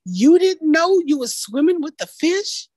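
A woman voicing an elderly grandmother in a story, slow and soothing, matter-of-fact and amused. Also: very high-pitched, big pitch swings, a little mellow, no room sound, studio quality, exaggerated voice. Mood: unbothered. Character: calm, amused old grandmother, unbothered.

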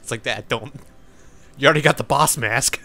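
A man's voice: mid-range voice, normal speed, vocal fry, sharp tone. A young man giving casual, rambling let's-play commentary, joking and laughing as he plays. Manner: rambling, jokey, laughs often.

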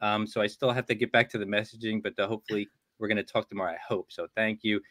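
A man's voice: lowish voice, little pitch movement, fast talker, sharp tone, no echo, clean studio sound. A man co-hosting a networking livestream, chatting casually, joking and greeting viewers by name. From New York. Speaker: co-host, regional director of a networking group.

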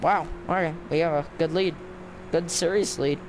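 A gameplay commentator speaks at normal speed in a slightly high, steady voice, delivering casual, sarcastic let's-play commentary and grumbling at the game. The background clearly carries game car noises.

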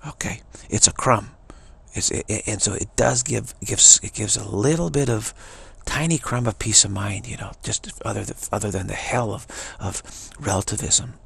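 A man giving a halting, rambling spiritual monologue, with frequent restarts and quick mocking voices for others. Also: fairly low pitch, vocal fry, fairly bright tone, husky. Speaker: spiritual commentator.

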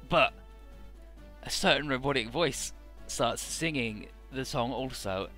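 A man's voice: medium pitch, expressive, normal speed, bright, forceful tone, soft background music. A young man casually recapping a video game's story, rambling and irreverent, with many uhs. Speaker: let's play narrator.

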